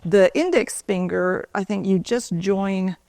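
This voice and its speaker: Speaking slowly, a conference speaker who once taught yoga and Pilates relates stories loosely and conversationally, peppering them with "right?" Her mid-range voice is a little mellow, and there's no echo.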